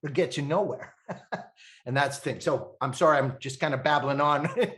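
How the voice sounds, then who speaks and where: Excitable storytelling man in his fifties. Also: a little high. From Canada. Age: 50s. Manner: fast, excitable, laughs often, acts out quoted voices. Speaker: podcast guest. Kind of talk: animated storytelling.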